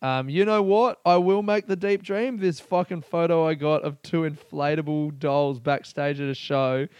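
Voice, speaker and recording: Guy rambling on his solo podcast, swears a lot, smooth clear voice. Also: fairly high pitch, normal speed, a little mellow, no room sound, dull audio. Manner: rambling, profane and laughing. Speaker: podcast host. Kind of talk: casual solo podcast monologue.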